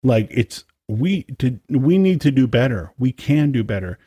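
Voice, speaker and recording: A man's voice: medium pitch, sing-song, unhurried, dark tone, breathy edge, no room sound. A man co-hosting a podcast, chatting casually and rambling with lots of fillers and restarts. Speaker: podcast co-host, brass musician. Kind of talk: casual chat.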